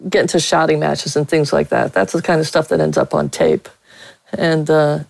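Blunt, gravelly-voiced woman sportswriter. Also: low voice, level tone, normal speed, a little mellow, no room sound, poor audio. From Pittsburgh. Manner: blunt, frank, laughs while telling stories. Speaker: veteran sportswriter. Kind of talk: interview guest, candid storytelling.

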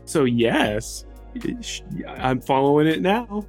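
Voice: mid-range voice, sing-song, takes it slowly, a little mellow, faint music behind. A player in a tabletop game who is easygoing and laughs often. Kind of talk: casual tabletop game play.

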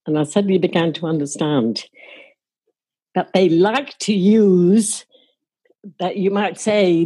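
A woman's voice: fairly low pitch, warm tone, breathy edge, rough recording. An older woman recounting a story from her own past in a wry, amused way. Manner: wry, amused, laughs while telling. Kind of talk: casual spoken anecdote.

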